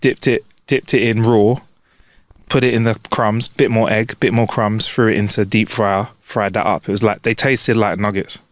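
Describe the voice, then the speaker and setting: A man's voice: fairly low pitch, fairly even intonation, normal speed, no room sound, clean studio sound. A man hosting a podcast, telling stories in a loose, jokey way with frequent laughs. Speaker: podcast host. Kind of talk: casual chat.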